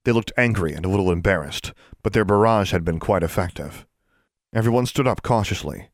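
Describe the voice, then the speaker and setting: Lively low male audiobook narrator. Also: a little fast, dry recording, studio quality. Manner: expressive storytelling, shifts into character voices.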